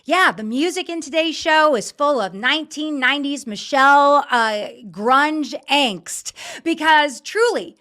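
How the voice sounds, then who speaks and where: A woman's voice: high voice, animated, measured pace, hardly any pauses, bright, forceful tone. A woman hosting a political talk show, delivering an emphatic, fired-up opinion monologue and repeating words for emphasis. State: frustrated and angry.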